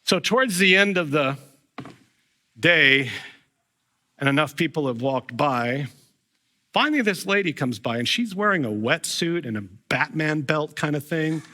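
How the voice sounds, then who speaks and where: A middle-aged male pastor delivers a sermon in a bright, forceful voice that sits a little high. He slips into anecdotes and talks conversationally, often restarting his phrases. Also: animated, a little slow, pauses often. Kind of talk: sermon with personal storytelling.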